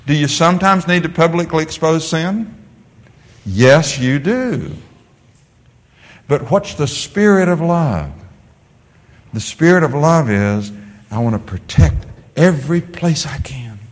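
A man preaching a sermon, from the Netherlands, animated and emphatic, dropping to a soft storytelling voice. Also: fairly high pitch, takes it slowly, pauses often. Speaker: pastor. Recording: long hall reverb.

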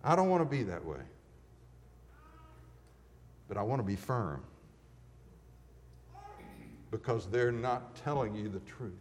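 A man's voice: lowish voice, lively intonation, slow pace, pauses often, a little mellow, a little hiss or hum. Emphatic male lecturer in a reverberant hall. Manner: emphatic, rhetorical questions. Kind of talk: classroom lecture.

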